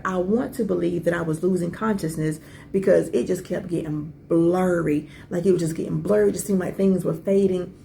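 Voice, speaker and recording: A woman in her forties, a podcast host, telling a personal story in a casual, animated way with asides and rhetorical questions. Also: fairly low pitch, gravelly, a little hiss or hum.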